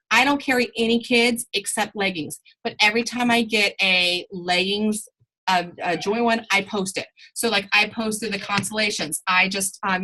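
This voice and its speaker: A woman at home, chatting casually to camera as a sales consultant, animated and full of fillers. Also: mid-range voice, rough recording. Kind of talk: casual tips chat to camera.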